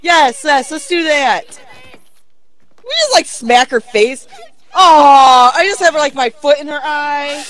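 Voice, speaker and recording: A woman's voice: sits high, animated, a little slow, fairly bright tone, rough recording. A woman streaming a co-op game, reacting in a dramatic, squeamish way in casual commentary.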